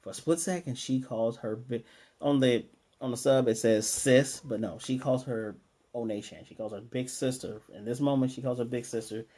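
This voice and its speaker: A man with a mellow, slightly husky voice runs through an anime episode in a loose, conversational way. He paraphrases the characters' lines and stumbles over restarts as he goes. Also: mid-range voice, steady tone, normal speed. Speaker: anime reviewer. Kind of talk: casual episode recap.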